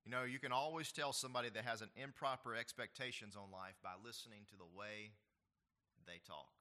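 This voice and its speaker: A man preaching a sermon as pastor, swinging between loud, raised passages and quiet, hushed ones, and acting out the voices he quotes. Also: lowish voice, a little fast.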